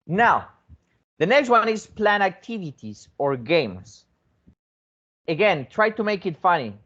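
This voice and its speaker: A man's voice: sits high, sing-song, measured pace, fairly bright tone, dull audio. Man teaching with frequent "okay?" checks. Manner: repeats words, many restarts, frequent rising "okay?" checks. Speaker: foreign teacher training teachers. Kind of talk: teaching demonstration talk.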